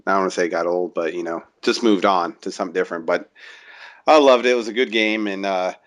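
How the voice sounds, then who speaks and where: Deep-voiced laid-back young man. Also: a bit bright. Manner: laid-back, halting, many "uh"s, chuckles. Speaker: podcast co-host. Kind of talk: casual chat.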